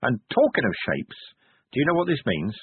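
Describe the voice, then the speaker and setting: A weary middle-aged male police commander, blunt and cynical, snapping back short retorts, as a male narrator puts him on. His husky voice swings widely in pitch. The sound is dry and tinny, like narrow-band audio. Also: wildly swooping pitch, moderate pace, dry recording, heavily acted. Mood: gruff.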